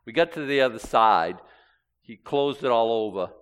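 A man preaching a sermon, reading scripture aloud and swinging between loud and hushed delivery. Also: medium pitch, expressive, moderate pace, clear, resonant tone.

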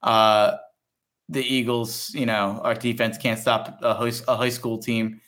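A man's voice: mid-range voice, flat delivery, a little slow, a bit bright. Young man, casual sports podcast, rambling, self-deprecating, swearing. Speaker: podcast co-host.

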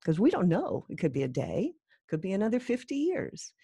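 Older woman host, husky and warm. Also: medium pitch, huge pitch swings, brisk, dry recording. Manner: reflective and encouraging, sums up the guest's points. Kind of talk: casual interview conversation.

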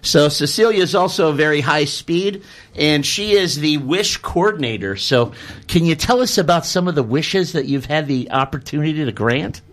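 A man's voice: on the high side, animated, moderate pace. A man from Chicago hosting a radio interview show, chatty and rambling, often correcting himself mid-sentence.

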